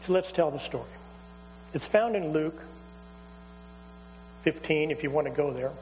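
A preacher with a high voice tells a scripture story in a relaxed, lively way. His words echo through a church hall, with a faint electrical hum in the background. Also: moderate pace. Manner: conversational, animated retelling. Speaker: pastor. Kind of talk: sermon storytelling.

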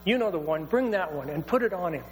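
A man's voice: high voice, very animated, slow pace, a bit bright, pitched above the performer's own voice, full character voice. A man preacher voicing a forgiving father who gives eager, urgent commands. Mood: joyful. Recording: hall reverb, faint mains hum.

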